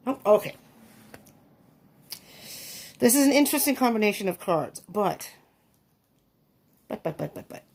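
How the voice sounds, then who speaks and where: A woman's voice: on the high side, vocal fry, darkish tone. A woman giving a casual tarot reading to her viewers, thinking aloud with many ums and laughing often. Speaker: tarot reader.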